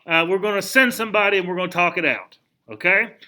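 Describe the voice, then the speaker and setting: Bright-voiced animated male history teacher. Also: high-pitched, quick pace. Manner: animated, asks the class rhetorical questions; conversational, frequent restarts. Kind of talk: classroom lecture.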